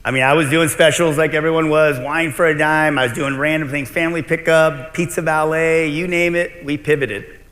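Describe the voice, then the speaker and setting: A man's voice: fairly high pitch, fairly even intonation, normal speed, fairly bright tone. A middle-aged man giving a conference keynote as a restaurant owner, telling his story bluntly and animatedly, with some swearing. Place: large convention hall. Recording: long hall reverb.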